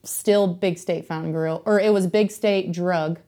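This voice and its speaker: A woman's voice: on the low side, steady tone, a little slow, warm tone. Woman guest on a podcast, chatty, rambly stories, laughs a lot. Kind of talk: casual chat, storytelling.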